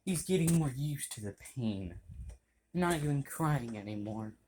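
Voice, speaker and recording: Man reading as cruel young woman captor, taunting, slow, fairly low. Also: animated, dark tone, a little hiss or hum, natural voice.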